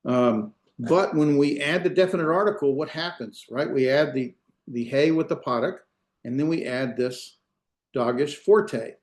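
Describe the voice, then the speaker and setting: A man's voice: medium pitch, unhurried. Man teaching in an echoey room. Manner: patient, quizzes students with frequent "right?". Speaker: instructor. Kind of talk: online classroom lecture.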